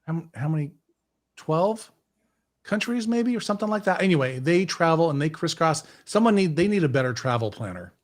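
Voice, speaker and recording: A man's voice: fairly high pitch, sing-song, fairly quick. A man hosting a casual podcast, rambling and correcting himself as he goes. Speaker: podcast host.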